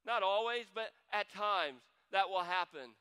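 Bright-voiced preaching man, clear and resonant. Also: high-pitched, lively intonation, measured pace, rough recording. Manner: preaching with swings from soft to loud, reading scripture aloud. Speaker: pastor. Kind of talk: sermon. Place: church sanctuary.

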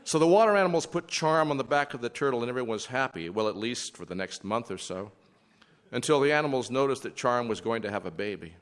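A man's voice: medium pitch, expressive, fast talker. A man telling a traditional animal tale aloud, with wry, humorous asides to the listener. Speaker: storyteller. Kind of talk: storytelling narration.

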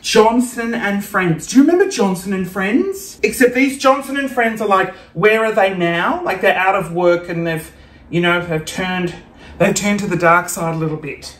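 A young man vlogging a casual shopping haul, playful and self-mocking, with sudden excited gasps. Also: sits high, moderate pace. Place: room at home. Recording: roomy home recording.

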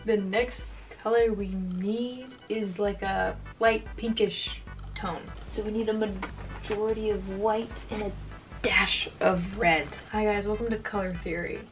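A woman's voice: medium pitch, fairly even intonation, unhurried, recorded from a distance, low-quality recording. Young female YouTuber, rambling self-mocking chatter, faint music underneath. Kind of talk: casual chat while painting.

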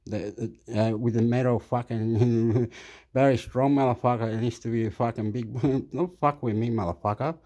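A man's voice: medium pitch, fairly even intonation, moderate pace, dark tone. A man giving rambling, crude commentary over a news clip, swearing often and slipping into Spanish. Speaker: video commentator.

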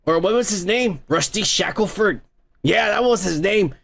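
A man's voice: high-pitched, normal speed, creaky, a bit bright. A man hosting a comedy podcast, reading out viewer comments in a crude, rambling way full of profanity and mocking asides.

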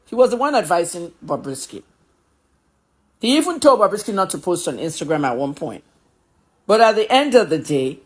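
A husky woman delivers a fiery rant to camera, her pitch leaping around as she hammers each point. She is blunt, profane and confrontational from start to finish. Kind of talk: angry social media video rant.

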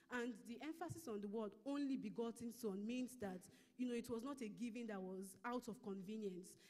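A woman with a Nigerian English accent giving a measured Bible lesson at a church service, reading scripture slowly and explaining it. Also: medium pitch, a little mellow, in a large hall. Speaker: church minister teaching a lesson. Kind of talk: sermon-style Bible teaching.

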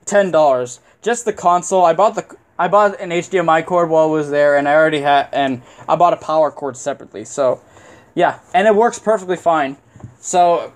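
A man with a somewhat high voice rambles through a casual haul video. He keeps admitting he doesn't know things, and fillers and small chuckles run through his talk. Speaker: video host. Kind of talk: casual game haul vlog.

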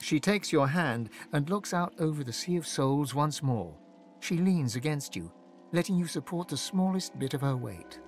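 A man narrating a video game in measured, descriptive storytelling, with game music behind him. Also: fairly high pitch, lively intonation, lightly acted. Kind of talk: scripted narration.

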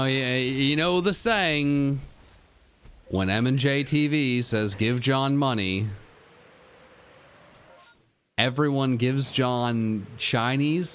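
A young man streaming a game live, talking to himself and his chat, with mock-dramatic groans and sudden high yelps. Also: a bit bright, clean tone. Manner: addresses his chat directly. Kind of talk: live gameplay commentary.

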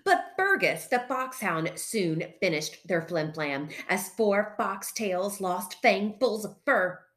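Expressive woman storybook reader, bright, slow, lively pitch. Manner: expressive, playful. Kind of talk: children's picture book read-aloud.

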